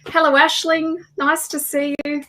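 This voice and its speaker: A woman's voice: sits high, level tone, unhurried, noisy background. A woman, hosting a tarot livestream and chatting casually as she greets viewers by name, with frequent restarts.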